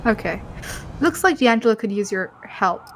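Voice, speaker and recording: A woman's voice: mid-range voice, animated, normal speed, slight background noise. A woman co-host reading a story game's narration aloud, stumbling over words and laughing often.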